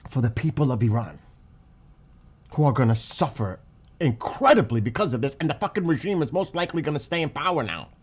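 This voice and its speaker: A fairly quick, animated man with a mid-range, breathy-edged voice rants profanely about politics as a channel host. He's upset and livid, hammering his points through repetition and declaring how upset he is.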